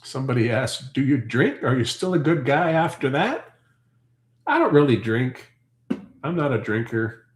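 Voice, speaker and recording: A man's voice: medium pitch, very animated, moderate pace. A Canadian man hosting a farm live stream, talking on and on as he answers viewer comments. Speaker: farm channel host. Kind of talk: casual live-stream chat. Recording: roomy echo.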